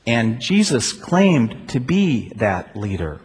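Husky preacher in a reverberant church. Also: male voice, mid-range voice, animated, moderate pace. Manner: rhetorical questions and swings from loud emphasis to quiet. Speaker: pastor. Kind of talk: sermon.

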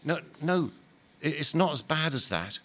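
A man voicing a gentle, humble spirit. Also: fairly high pitch, a little slow. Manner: calm, soft, earnest and patient. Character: gentle, humble male spirit, former murderer, patient. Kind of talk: dramatic reading of a novel.

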